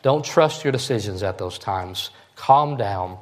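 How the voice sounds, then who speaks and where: A man's voice: fairly low pitch, expressive, unhurried. A man preaching a sermon as pastor, in a folksy, conversational way that keeps checking in with his listeners. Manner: folksy, conversational preaching with frequent "all right?" check-ins.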